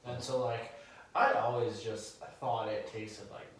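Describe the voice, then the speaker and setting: Slow-talking deadpan man, roomy sound. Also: lowish voice, a little hiss or hum. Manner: slow, deadpan storytelling with crude humor. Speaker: podcast co-host. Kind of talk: casual chat. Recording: echoey room, mic at a distance.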